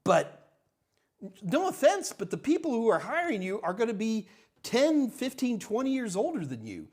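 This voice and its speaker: A man's voice: extremely high pitch, huge pitch swings, moderate pace, darkish tone, husky. An older man hosting a live tech Q&A, answering chat questions in a blunt, emphatic, ranting way. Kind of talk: live Q&A stream.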